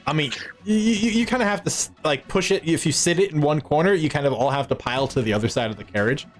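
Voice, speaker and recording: Guy running a tabletop game on a stream, bit higher voice, trips over words and restarts, music low behind. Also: quick pace. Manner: stammering restarts, relaxed storytelling. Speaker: game master. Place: home streaming setup.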